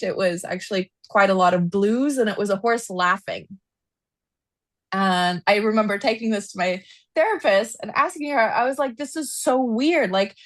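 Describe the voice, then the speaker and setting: A woman guest on a podcast, telling a personal story in casual interview talk, animated and full of "like", her pitch climbing as she relives strong feelings. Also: no echo. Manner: animated storyteller, frequent "like", rises in pitch when reliving anger. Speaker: podcast guest, equine therapist.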